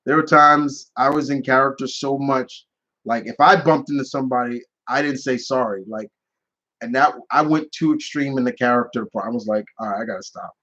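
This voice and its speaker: Male streamer host, casual rambling storyteller, mid pitch, slightly muffled audio. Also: fairly even intonation, normal speed, sharp tone. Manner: rambling storyteller with many restarts and fillers. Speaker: channel host answering live questions. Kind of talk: casual live Q&A chat.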